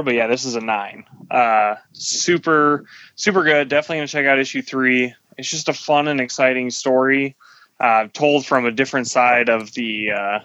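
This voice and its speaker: A man of middle pitch talks comics on a podcast, rambling and leaning on "like" as he retells scenes. The sound is dry and muffled, like a modest home podcast setup. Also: a bit bright, dry recording. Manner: rambling, full of "like", retells scenes with quoted lines. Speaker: podcast co-host. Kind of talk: casual chat reviewing comics. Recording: dull lo-fi podcast audio.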